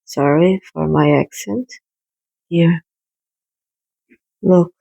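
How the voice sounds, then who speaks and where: A woman hosting a casual painting tutorial, chatting gently and encouragingly as she paints. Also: fairly low pitch, extremely slow, vocal fry, dull audio. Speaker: watercolor artist hosting a painting video.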